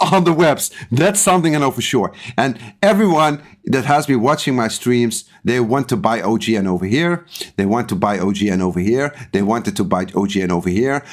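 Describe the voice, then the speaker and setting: Emphatic man streaming crypto charts. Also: fairly low pitch. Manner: repetitive and emphatic, rising to excited urging. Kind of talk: live-stream chart commentary.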